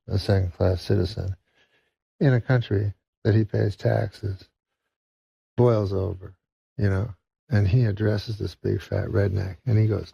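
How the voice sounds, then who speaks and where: A man, a comedian, telling rambling deadpan stories as a talk-show guest. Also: fairly low pitch, a little slow, vocal fry, slightly rough, highs cut off. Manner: deadpan, rambling, with many fillers.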